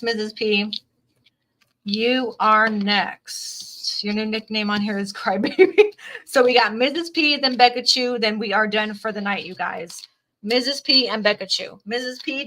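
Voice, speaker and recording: A woman's voice: mid-range voice, bright, forceful tone. A woman reading tarot on a live stream, who repeats her phrases and reads viewers' comments aloud. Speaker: tarot reader.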